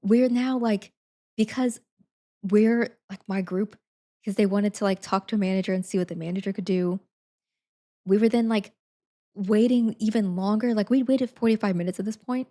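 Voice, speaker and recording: A woman's voice: mid-range voice, fairly even intonation, moderate pace, warm tone. Chatty young woman telling a story. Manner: chatty, many fillers, acts out quotes. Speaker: streamer. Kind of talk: casual storytelling.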